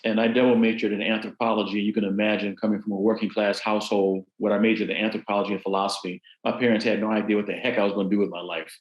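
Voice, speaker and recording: A lower-pitched man with a Southern accent moderates a panel. His voice sounds roomy and echoey, and he keeps things light with teasing jokes. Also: little pitch movement, highs cut off. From Southern California. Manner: affable, teasing, quick with jokes. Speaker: panel host. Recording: roomy echo.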